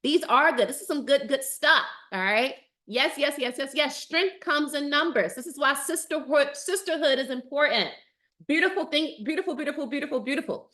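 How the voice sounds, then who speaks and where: A woman with a high, bright voice hosts a casual live stream as a dating coach. She answers viewer comments with emphatic enthusiasm and repeats her phrases again and again. Her voice sounds forceful and energetic. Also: moderate pace.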